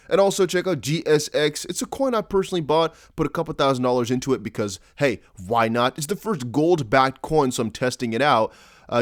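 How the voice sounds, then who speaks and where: A man's voice: fairly high pitch, no echo, clean studio sound. A man with an American-ish accent hosting a casual crypto vlog, chatty and rambling, with jokey asides. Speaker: crypto YouTuber.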